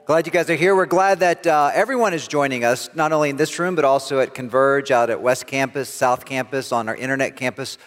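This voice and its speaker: A middle-aged man pastor preaching a sermon, telling a self-deprecating story with lively, animated delivery. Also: mid-range voice, brisk, hardly any pauses, in a large hall, faint music behind. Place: church sanctuary.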